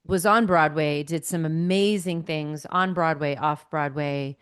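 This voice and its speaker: A woman in her late forties from Northern California, a podcast guest and actress, telling stories in a chatty, animated way over a computer call. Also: sits low, measured pace, smooth, no room sound, clean studio sound. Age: late 40s. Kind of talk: casual conversation.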